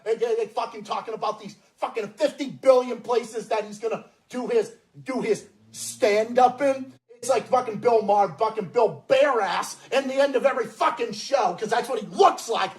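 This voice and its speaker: A man's voice: very high-pitched, moderate pace, hardly any pauses. Ranting, profane man with Massachusetts accent. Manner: profane, loud, mocking outbursts. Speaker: ranting online video maker. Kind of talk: angry rant video.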